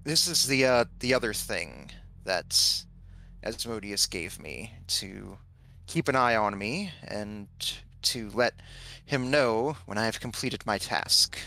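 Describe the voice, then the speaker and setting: A man voicing a gentle, earnest female warlock who speaks hesitantly and reassuringly. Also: on the low side, animated, slow pace, exaggerated voice.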